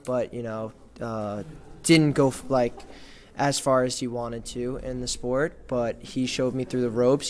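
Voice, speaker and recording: A young hockey player from New York answers interview questions. His talk is casual and halting, full of fillers and restarts. His voice sits at an ordinary middle pitch. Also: a little mellow. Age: young adult.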